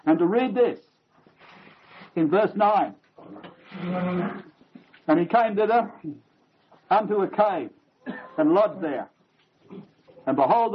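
A man preaching a sermon to his congregation, emphatic and measured, sinking to a hush for quoted lines. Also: sits high. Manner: emphatic, drops to hushed near-whisper on quoted lines. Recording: dull lo-fi recording.

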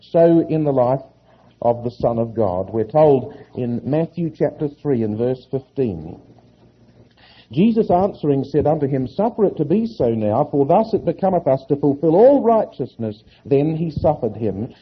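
Husky man preaching a sermon. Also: medium pitch, big pitch swings, highs cut off. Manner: reads scripture slowly with heavy emphasis.

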